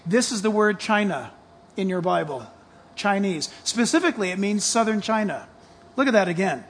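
A man preaching a sermon, reading scripture and growing excited and emphatic. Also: high voice, normal speed, slight background noise. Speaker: pastor.

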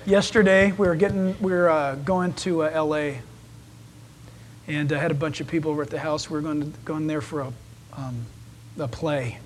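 A man preaching a sermon in an animated storytelling manner, acting out the voices in his stories. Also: fairly high pitch, moderate pace, a little hiss or hum. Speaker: pastor.

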